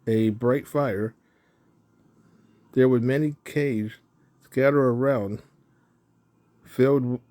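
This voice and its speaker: A man's voice: mid-range voice, mellow. A man reading a children's animal story aloud, correcting himself now and then as he goes. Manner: self-correcting reading with restarts.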